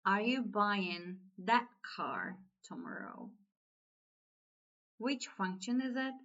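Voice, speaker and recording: A Turkish-accented woman, a native Turkish speaker, leads a language lesson at a very slow, deliberate pace. She walks through each point patiently, with non-native English phrasing. The audio sounds slightly dull and muffled. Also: medium pitch, animated, fairly bright tone. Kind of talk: slow explanatory online lesson.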